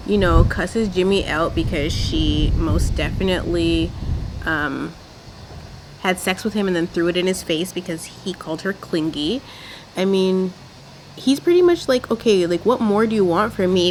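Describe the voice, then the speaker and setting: A woman's voice: lowish voice, background noise. Sassy, blunt young woman doing a recap. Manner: sassy, blunt and outspoken, sprinkling in mild swearing. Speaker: reality show recap vlogger. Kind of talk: casual commentary. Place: at home doing her makeup.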